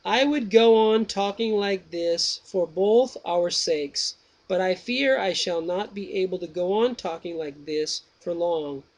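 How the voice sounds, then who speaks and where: A man voicing the philosopher Socrates, reading his questions slowly and deliberately. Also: high-pitched. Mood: probing. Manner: slow, measured, drawn-out reading. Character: Socrates, old male Greek philosopher, patient questioner.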